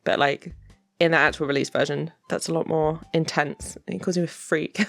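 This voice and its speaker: A woman's voice: low voice, steady tone, moderate pace, creaky, no echo. A woman giving chatty commentary on game dialogue, laughing often and adding wry asides. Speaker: video creator.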